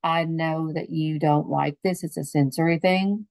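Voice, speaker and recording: A woman's voice: low-pitched, a little slow, no echo, rough recording. A middle-aged woman, a grandmother and podcast guest, telling family stories in casual conversation and acting out the quotes. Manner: animated, acts out quotes in the story.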